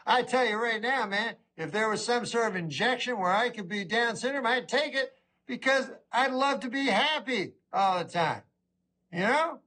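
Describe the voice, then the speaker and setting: A middle-aged man doing a stand-up comedy routine, rambling with a deadpan delivery. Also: very high voice, moderate pace.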